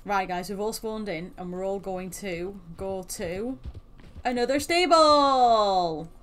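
A woman's voice: medium pitch, fairly even intonation, measured pace. A woman hosting a casual, teasing chat with friends while playing an online game. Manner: playful, teasing, bursts of loud laughter. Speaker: gaming channel host.

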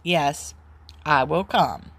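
A woman voicing a weary, knowing older man who speaks in a resigned, lower tone. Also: very slow, a bit bright, breathy edge, heavily acted.

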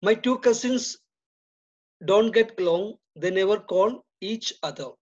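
A man with an Indian English accent works slowly through a grammar exercise. He reads each sentence and then drops his voice to give the answer. The recording is dull and lo-fi. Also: high voice, darkish tone. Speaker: teacher. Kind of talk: slow, deliberate grammar lesson.

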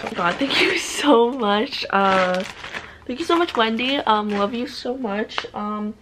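Gushing young woman, fairly high voice. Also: takes it slowly. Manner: gushing, excitable, heavy on "oh my god" and "like". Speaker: vlogger. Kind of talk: casual unboxing vlog. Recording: clear background noise.

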